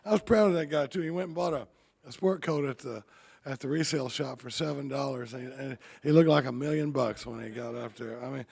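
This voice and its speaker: A man, giving a folksy, joking recovery talk at a podium, halting often and restarting his sentences. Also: mid-range voice, gravelly, darkish tone, slightly rough. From Texas. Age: 50s. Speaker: AA convention speaker.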